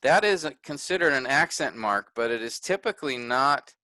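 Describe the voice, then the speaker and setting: Male workshop teacher, clear bright tone, dry close sound, methodical explainer. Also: mid-range voice, animated, moderate pace, no room sound. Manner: pointing things out step by step, self-correcting. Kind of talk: explaining a text on screen.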